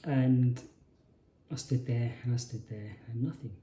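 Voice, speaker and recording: A man's voice: medium pitch, fairly even intonation, unhurried, mellow, a little hiss or hum. A man telling a personal story in a hesitant way, often restarting and correcting himself. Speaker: spiritual channel host. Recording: roomy echo.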